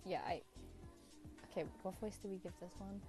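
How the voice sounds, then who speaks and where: A woman's voice: mid-range voice, level tone, fast. A young woman narrating a game aloud and joking with viewers between lines in a playful manner. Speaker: streamer reading a game aloud. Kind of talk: game narration with live commentary. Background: background music.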